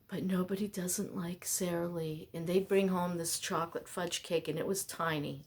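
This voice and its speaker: A woman talking to camera in a loose, rambling monologue, exasperated and poking fun at herself. Her voice sits a little low, and she takes her time, drawing out each thought at an unhurried pace. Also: vocal fry. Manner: exasperated, ranting, self-mocking. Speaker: vlogger.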